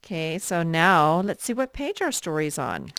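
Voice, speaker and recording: A woman teacher leading an early reading lesson for young children, patient and repeating words slowly. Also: sits low, very animated, a bit bright, smooth, dry recording.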